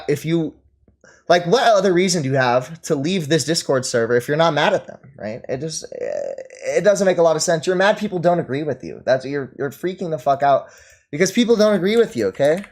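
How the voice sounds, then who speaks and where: Male streamer, mocking and scornful, bouncing pitch, frequent derisive laughs. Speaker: streamer reacting to chat. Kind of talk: livestream commentary.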